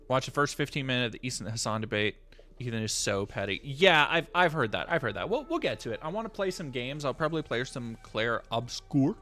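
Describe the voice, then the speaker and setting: A man's voice: medium pitch, sharp tone. A young man chatting on a live stream in a rambling, profane, jokey way, often restarting his sentences. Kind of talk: casual live-stream chat.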